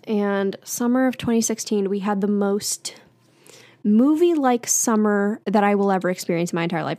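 A woman's voice: medium pitch, moderate pace, mellow, no room sound. A young woman hosting her own podcast, talking casually and candidly with frequent fillers and light laughs. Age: young adult. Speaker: podcast host. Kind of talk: casual solo podcast chat.

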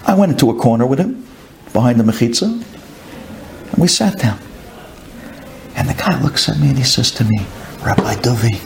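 A man's voice: mid-range voice, slight background noise. A man, a rabbi, telling a story to a group, acting out his own thoughts with rhetorical questions and Hebrew and Yiddish words. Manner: sprinkles in Hebrew and Yiddish terms.

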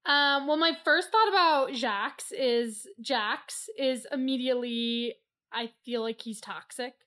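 An American woman co-hosting a podcast, with a high voice. She chats casually, teases her co-hosts and laughs often. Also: slow, fairly bright tone. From United States. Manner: chatty, laughs often, teasing. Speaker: podcast co-host.

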